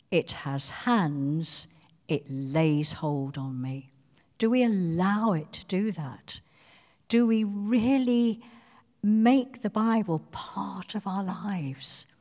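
A woman giving a devotional sermon, speaking earnestly and pleading softly as she dwells on scripture. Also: lowish voice, in a large hall. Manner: earnest, pleading, soft when quoting scripture. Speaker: preacher.

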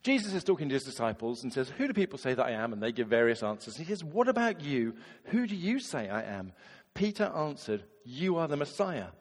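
A man, a vicar giving a chatty, animated sermon and acting out quotes in different voices. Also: mid-range voice, a little fast, in a large hall. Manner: lively, conversational preaching with acted-out quotes.

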